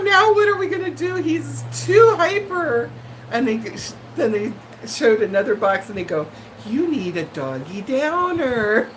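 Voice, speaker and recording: A woman's voice: on the high side, slight background noise, low-quality recording. A woman hosting a live stream from home, chatting casually with viewers in a rambling, friendly way with lots of fillers. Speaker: livestream host chatting with viewers. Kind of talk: casual live-chat monologue.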